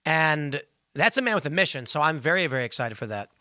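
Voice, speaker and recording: A man's voice: on the high side, big pitch swings, brisk, sharp tone, dry recording, studio quality. A man in his thirties hosting a political podcast, talking earnestly in long, run-on thoughts. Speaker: podcast host. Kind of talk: casual political talk show.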